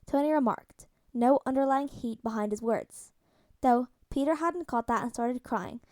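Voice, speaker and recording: A woman narrating a fan audiobook in a calm, even storytelling manner. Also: fairly high pitch, moderate pace, no echo.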